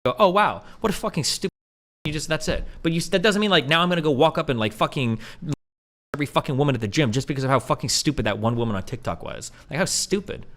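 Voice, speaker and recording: A man's voice: medium pitch, lively intonation, fast talker, fairly bright tone. A man in his thirties streaming, ranting bluntly and profanely to his chat, mocking others with put-on voices. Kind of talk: livestream rant to chat.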